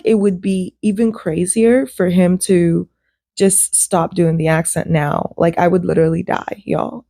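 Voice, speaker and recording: A woman hosts a reaction, talking in a casual, animated way and speaking straight to her listeners. Her voice is low, gravelly and mellow. It is recorded dry and close. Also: a little slow, dry recording. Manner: animated, slangy, addresses listeners as "y'all" and "ladies". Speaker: host reacting to a clip.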